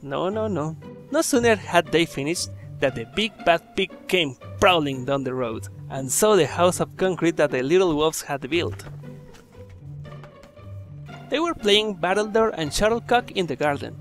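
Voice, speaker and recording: Lively, chatty male storyteller. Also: a little high, unhurried, soft background music. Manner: chatty, joking asides to listeners. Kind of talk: children's story reading.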